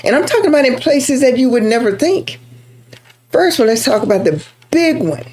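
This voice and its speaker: Chatty Texan woman, high voice. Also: very animated, a little fast, a little mellow. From Texas. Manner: chatty, emphatic, repeats for emphasis. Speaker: political commentator. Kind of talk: casual political talk to camera.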